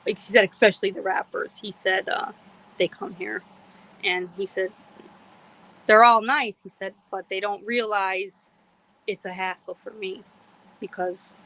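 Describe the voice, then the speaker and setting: A middle-aged woman from Pennsylvania, hosting a podcast and telling a story in a casual, animated way, quoting herself and others and laughing often. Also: mid-range voice, rough recording. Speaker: podcast host.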